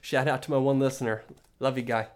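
A man's voice: medium pitch, fairly even intonation, fast, clean tone. A young man hosting a solo podcast, rambling in an exasperated, joking rant with many restarts. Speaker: podcast host.

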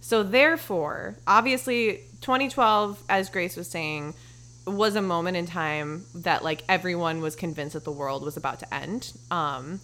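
A woman's voice: fairly low pitch, a little slow, a bit bright. A young adult woman co-hosting a podcast in casual chat, peppering her talk with "like" and swearing freely. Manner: chatty, full of "like" fillers, swears freely. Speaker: podcast co-host.

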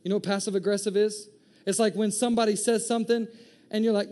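A man preaching a sermon to a congregation, animated and joking, acting out the inner voices of his listeners. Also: high-pitched, fast. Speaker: pastor.

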